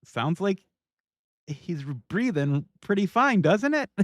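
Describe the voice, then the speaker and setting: A man's voice: high-pitched, big pitch swings, slow pace, heavy background noise. A man hosting a livestream, reacting to video clips in casual, irreverent commentary and laughing often. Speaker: livestream host.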